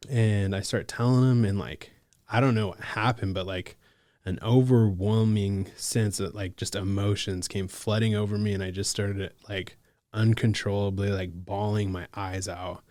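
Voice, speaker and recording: Low-voiced man telling his story, dry close mic. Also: darkish tone, no echo. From Alaska. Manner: loose, slangy talk full of "like" and "bro", quick to laugh. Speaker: case manager, podcast guest. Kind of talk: casual storytelling chat.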